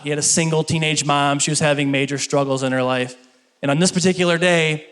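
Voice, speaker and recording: Casting: a middle-aged stand-up comedian, a man from Kentucky, higher-pitched storyteller. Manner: storytelling, animated punchlines. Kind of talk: stand-up routine, then interview. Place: stage before a live audience.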